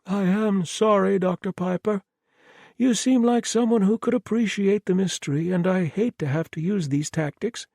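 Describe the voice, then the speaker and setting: A man performs an audiobook voice for a remorseless, cheerfully apologetic killer who is polite and oddly reasonable, pushing his voice up into a high, creaky, slightly mellow register. He speaks at normal speed in a chirpy manner, captured as a dry, studio-quality recording.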